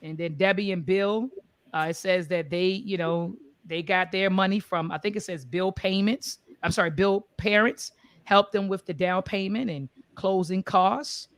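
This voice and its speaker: A woman's voice: medium pitch, steady tone, moderate pace, no room sound. A woman in a casual book club discussion, talking with many fillers and reading passages aloud. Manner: conversational, filler-heavy, reads passages aloud.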